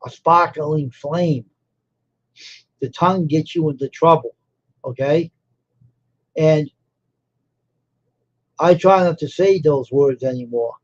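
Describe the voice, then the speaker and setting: A man's voice: fairly high pitch, darkish tone. A man hosting a live stream, telling a personal story in a casual, rambling way and repeating phrases for emphasis. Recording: dull lo-fi stream audio.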